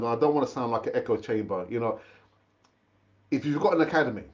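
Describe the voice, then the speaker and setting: A man hosting a live fan stream, loose and chatty, who calls his viewers brother and keeps doubling back on his words. His voice sits fairly high for a man. The stream audio is dull and lo-fi. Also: darkish tone. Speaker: fan channel host.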